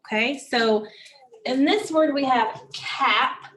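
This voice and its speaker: A woman teaching a phonics lesson, saying each word slowly and repeating it several times. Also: high voice, fairly bright tone. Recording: echoey room from a distance.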